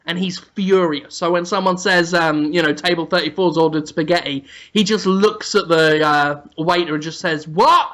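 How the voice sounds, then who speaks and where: A man co-hosting a comedy podcast, telling an absurd, crude story in an animated way. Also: on the high side, moderate pace, hardly any pauses. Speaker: podcast co-host.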